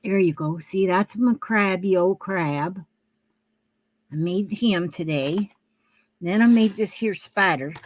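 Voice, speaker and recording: An older woman with a fairly low voice talks slowly and casually to the camera at home while showing off her handmade crafts. Her talk is rambling and homey, full of fillers and restarts.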